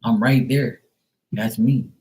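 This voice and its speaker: A man's voice: medium pitch, takes it slowly, a little mellow. A man who reads tarot, ranting casually and bluntly on a live stream, swearing freely. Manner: profane, exasperated, blunt. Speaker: tarot reader.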